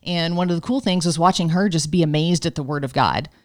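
Woman guest, low-ish voice, animated storyteller in a casual chat. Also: fast. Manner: animated storyteller, mimics a friend's broken English. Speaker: guest missionary. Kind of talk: casual conversation.

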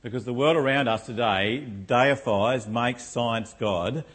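A middle-aged male pastor preaches to his congregation in a church. His voice is husky and a little breathy, at an ordinary male pitch. He keeps checking in with his listeners through rhetorical questions. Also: a little slow, fairly bright tone. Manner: rhetorical, asks the congregation "isn't it?". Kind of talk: sermon.

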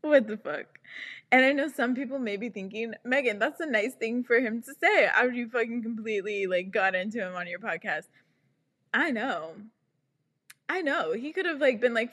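A woman's voice: a little high, expressive, moderate pace, fairly bright tone. A young woman hosting a podcast, ranting in a sarcastic, exasperated way and swearing often. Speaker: podcast host. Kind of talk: casual podcast rant.

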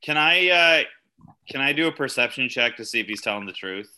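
A man's voice: medium pitch, animated, brisk, bright, forceful tone. A man playing a tabletop game, asking questions with hesitant fillers. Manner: hesitant, polite. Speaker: player.

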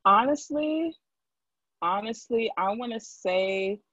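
A woman's voice: fairly high pitch, lively intonation, slow pace, fairly bright tone, slightly rough, no echo, muffled recording. A young woman talking in a casual chat, filling her speech with "like" as she tells her story. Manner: talkative, heavy use of "like". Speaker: guest.

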